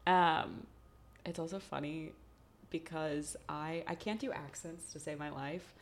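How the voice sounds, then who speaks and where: Young woman podcast host, lower pitch, chatty and giggly, casual storytelling. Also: a little slow, slight background noise. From Texas, USA. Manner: chatty, laughing, heavy use of "like". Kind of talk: casual chat.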